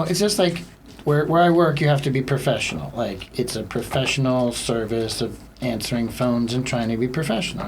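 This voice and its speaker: A man's voice: medium pitch, a little mellow, slight background noise. A young man hosting a casual solo comedy podcast, rambling and self-deprecating, with lots of filler words.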